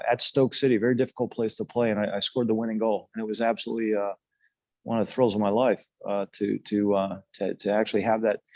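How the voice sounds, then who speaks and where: A man's voice: lowish voice, darkish tone, dry recording. An older man, a former national team player, telling his story casually on a podcast, earnest and rambling with many restarts and fillers.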